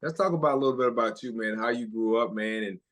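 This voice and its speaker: A man's voice: medium pitch, fast talker, fairly bright tone. A man co-hosting a podcast in easygoing casual talk, often saying "man". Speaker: podcast co-host, former pro basketball player.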